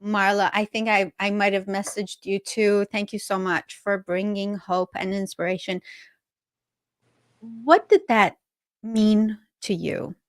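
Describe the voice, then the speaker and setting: A woman's voice: medium pitch, level tone, unhurried, dry recording. Earnest woman host, dry sound. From Iran. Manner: earnest, heartfelt questioning. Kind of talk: conversational interview.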